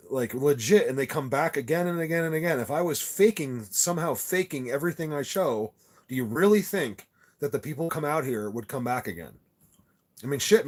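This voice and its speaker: A man with a fairly high pitch and a darkish tone hosts a casual livestream, talking to viewers in the chat. He's earnest and insistent, rambling with many restarts and repeated words.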